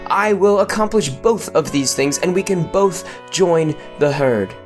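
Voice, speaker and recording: A man's voice: on the high side, lively intonation, measured pace, faint music behind. A man voicing an earnest, hopeful young male goat in a storybook tale, speaking plainly and sincerely.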